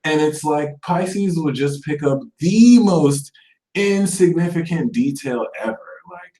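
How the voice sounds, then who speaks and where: A man giving a casual live horoscope reading, slangy and animated, acting out the people he quotes. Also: fairly high pitch, measured pace. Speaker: astrologer. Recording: roomy echo.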